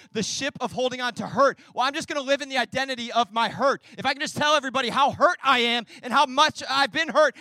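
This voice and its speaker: A young male pastor preaching with a strikingly high, bright voice. He swings between quiet, confiding asides and loud, passionate declarations. The sound is dry and close, with no room echo. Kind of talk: sermon.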